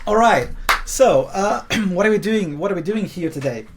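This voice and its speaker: A Portuguese-accented man hosts a relaxed podcast interview, his pitch leaping about as he jokes and laughs. He tends to say things twice. A light hiss sits under the recording. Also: normal speed. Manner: playful and laughing, repeats himself. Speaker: podcast host. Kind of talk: casual interview chat. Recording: faint background noise.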